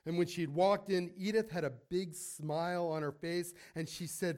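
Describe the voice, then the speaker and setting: A male pastor telling a long story from the pulpit, fairly high-voiced for a man. He calls out to the congregation and pulls them in. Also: fairly even intonation, moderate pace, hardly any pauses, a little mellow. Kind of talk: sermon storytelling.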